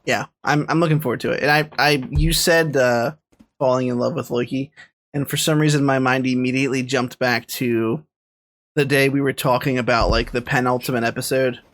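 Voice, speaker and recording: A man's voice: medium pitch, fairly even intonation, moderate pace, a bit bright. A man co-hosting a casual podcast, rambling enthusiastically with lots of restarts. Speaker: podcast co-host. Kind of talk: casual chat.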